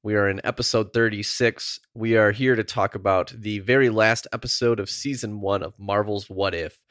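A man's voice: fairly low pitch, normal speed, dry recording, studio quality. A man hosting a podcast in casual, rambling chat, laughing often. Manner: animated, laughing, rambling asides. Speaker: podcast host.

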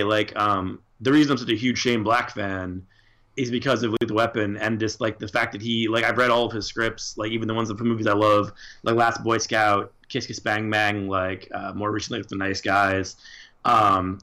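A man's voice: on the low side, fairly even intonation, moderate pace, sharp tone. A man co-hosting a casual chat, talking enthusiastically and swearing freely. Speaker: podcast co-host.

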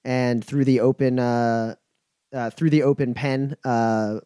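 A man narrating a tabletop game as game master, halting with many fillers. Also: mid-range voice, fairly even intonation, dark tone, clear, resonant tone, dry recording.

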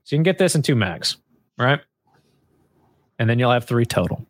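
A man co-hosting a casual chat show, reacting loudly and swearing often. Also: mid-range voice, very animated, normal speed, no room sound, clean studio sound. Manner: profane, exclaiming, laughing often. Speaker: co-host.

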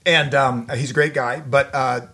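A man's voice: medium pitch, steady tone, measured pace, pushed and bright. A middle-aged man from Florida with a Southern US accent, a podcast guest who talks emphatically, repeating and restarting phrases. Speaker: guest, actor and martial artist. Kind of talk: casual podcast chat.

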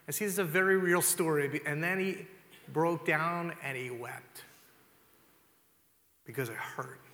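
High, bright-voiced pastor retelling a story. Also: male voice, unhurried. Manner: conversational, retells scripture in his own casual words. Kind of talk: storytelling sermon. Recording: long hall reverb.

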